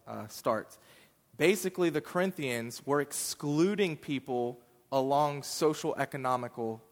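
A man's voice: mid-range voice, big-room sound. A man giving a sermon, explaining scripture in a conversational way with fillers. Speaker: pastor. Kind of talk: sermon teaching.

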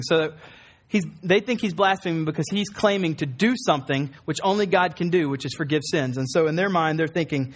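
High-voiced preacher teaching earnestly. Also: male voice, a little fast. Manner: earnest, repeats key phrases for emphasis; acts out quoted voices in a raised tone. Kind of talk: sermon teaching.

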